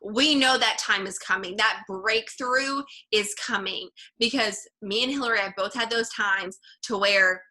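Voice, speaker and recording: A woman's voice: medium pitch, unhurried, few pauses, sharp tone, low-quality recording. A woman giving an earnest, encouraging motivational talk to her team, full of "like" fillers. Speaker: team leader.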